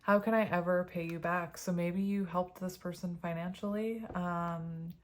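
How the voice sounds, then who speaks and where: A woman's voice: on the low side, steady tone, normal speed, a little hiss or hum. A woman reading tarot cards to her viewers in a casual, chatty way, often laughing as she reads the card messages aloud. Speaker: tarot reader.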